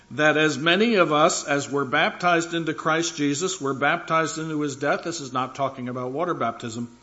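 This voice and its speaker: A man preaching a sermon, earnest and emphatic, reading scripture slowly and repeating phrases for stress. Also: fairly high pitch, fairly even intonation, bright, forceful tone. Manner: reads scripture slowly and deliberately. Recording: dull lo-fi sound.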